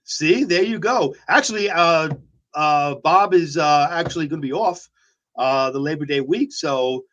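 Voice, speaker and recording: A man's voice: on the high side, measured pace, fairly bright tone, dull audio. A man co-hosting morning radio, rambling and defensive, with lots of filler words. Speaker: radio co-host. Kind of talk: casual morning radio banter.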